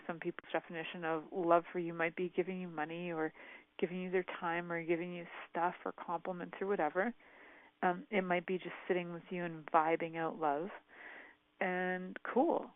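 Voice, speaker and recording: A woman hosting a self-help radio show, talking in a playful, irreverent, animated way. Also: lowish voice, dry recording. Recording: dry, phone-like radio audio.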